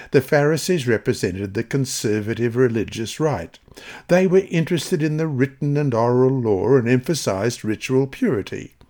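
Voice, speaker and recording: A man reading a scripted devotional Bible study in a measured, earnest way, slowing on key phrases. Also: medium pitch, darkish tone. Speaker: devotional reader.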